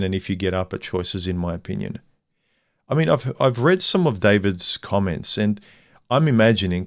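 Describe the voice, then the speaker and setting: Man, very low voice, candid rambling livestream chat, blunt. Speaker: livestream host. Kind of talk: casual livestream monologue.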